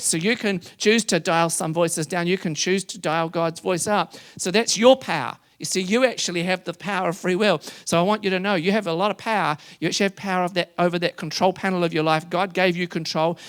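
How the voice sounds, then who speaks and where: Animated man preaching a sermon. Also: sits high, fairly quick, few pauses. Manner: animated, emphatic, rises into loud emphasis. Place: church hall before a congregation.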